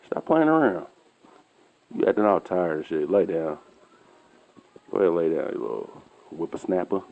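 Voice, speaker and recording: A woman talking to her cat. She switches between squeaky baby talk and low, swearing grumbles, recorded at home on a phone. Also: expressive, moderate pace, gravelly, pauses often, phone-quality sound. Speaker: pet owner filming her cat. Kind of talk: casual talk to a pet.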